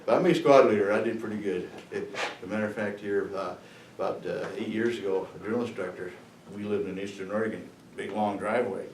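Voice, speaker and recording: The voice belongs to an older man, a veteran around sixty-something, whose lowish, halting storytelling for students wanders and is punctuated by laughter and fillers. Faint noise, heavy room echo, and a distant microphone color the recording.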